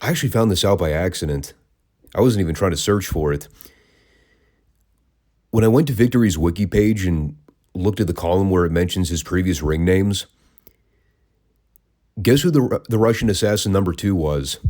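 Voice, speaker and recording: A man's voice: low voice, animated, normal speed, long pauses, a little mellow. A man hosting a wrestling review podcast, talking casually with wry, sarcastic asides.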